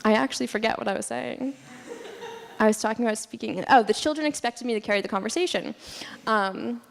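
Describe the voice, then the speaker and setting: A woman's voice: fairly high pitch, a little fast, vocal fry. A young woman giving a casual student presentation, chatty with many fillers and frequent laughs. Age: young adult. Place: lecture hall. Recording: long reverb in a hall.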